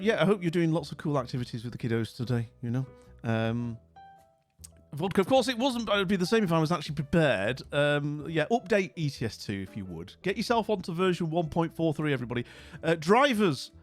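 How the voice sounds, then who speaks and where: A middle-aged man hosts a livestream, chatting with viewers in a jovial, rambling way full of fillers. His voice sits fairly high for a man. Faint music plays behind him. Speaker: livestream host. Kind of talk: casual chat with live viewers.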